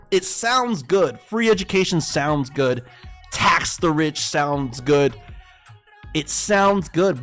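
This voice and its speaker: A slightly high, somewhat bright male voice belongs to a livestream host and forex trader ranting about politics. He's heated and profane, casually calling his viewers boys.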